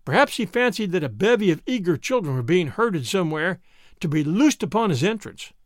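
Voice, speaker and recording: A man narrating a storybook in an expressive reading style, shifting into character voices as he goes. His voice sits fairly high and rises and falls a great deal. The sound is dry and close to the mic. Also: a little fast, no room sound.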